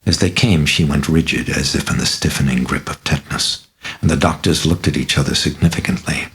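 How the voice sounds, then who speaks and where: A man reading his own novel aloud as an audiobook, measured and dramatic. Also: a bass voice, a bit bright, rough recording. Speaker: author reading his book. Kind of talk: audiobook narration.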